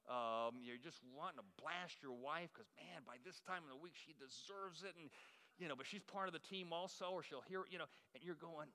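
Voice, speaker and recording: Folksy pastor preaching in an echoey hall. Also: male voice, a little high, lively intonation, fairly quick, pushed and bright. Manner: folksy, self-deprecating storyteller. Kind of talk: sermon. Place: church sanctuary.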